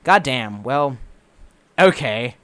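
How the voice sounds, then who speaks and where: A man's voice: medium pitch, lively intonation, slow, a bit bright. A young man from the Washington DC area, casually reading out chat messages on a live stream, profane and sarcastic, and getting drunk as he goes. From Washington DC metro area, US.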